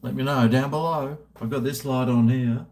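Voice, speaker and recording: A man's voice: medium pitch, fairly even intonation, moderate pace, darkish tone. A man in his late fifties, chatting casually and self-mockingly on a livestream from home. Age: 50s. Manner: chatty, self-mocking, talks to himself while drinking. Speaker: livestream host. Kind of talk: casual rambling livestream chat. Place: at home indoors.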